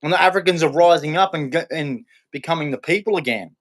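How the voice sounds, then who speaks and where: Talking fast in a slightly high voice, a man hosts a live show from a hot Queensland room. The commentary is unscripted and heated, looping and repetitive, with sentences he keeps breaking off and beginning again.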